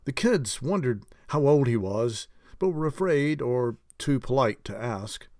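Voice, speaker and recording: Expressive male audiobook narrator. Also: mid-range voice, a little slow, no room sound, clean studio sound. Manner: expressive storytelling.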